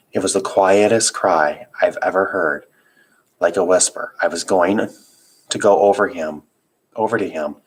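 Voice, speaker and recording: A man with a deep, low voice reads a children's novel aloud. His first-person narration is calm and steady. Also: breathy edge, rough recording. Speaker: reader.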